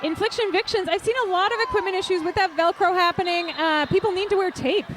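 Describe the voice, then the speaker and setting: A woman's voice: very high-pitched, fast, noisy background. A woman commentating roller derby live, chatty and jokey, laughing at her own puns.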